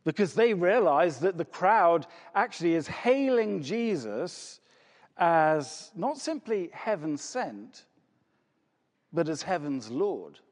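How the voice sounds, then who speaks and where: Male preacher, high and animated voice, emphatic sermon delivery, long hall reverb. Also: slow. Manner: emphatic, with rhetorical questions and repeated words.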